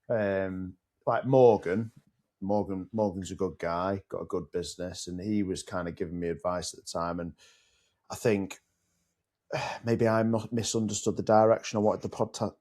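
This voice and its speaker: Low-voiced easygoing podcast host. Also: male voice, dark tone. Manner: easygoing, hesitant, reflective. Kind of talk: casual business podcast chat.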